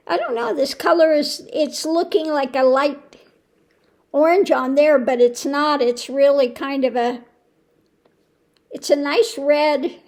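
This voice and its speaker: A woman with a high, slightly mellow voice hosts her tarot channel, chatting casually to camera at home. She rambles, restarts many times, and lets out exclamations of disbelief.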